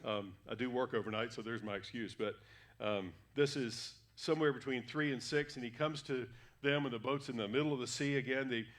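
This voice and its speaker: A man's voice: medium pitch, a little fast, fairly bright tone. Conversational male guest preacher. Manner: conversational, with frequent fillers and self-corrections. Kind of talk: sermon. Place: church sanctuary.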